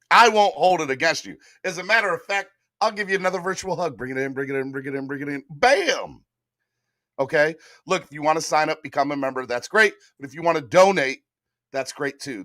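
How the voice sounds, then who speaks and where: A man hosts a sports live stream in a casual, hyped style, calling out straight to his viewers. His voice sits in a middle pitch range. The sound is dry and close, with no room echo. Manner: hyped, animated, chats directly with viewers.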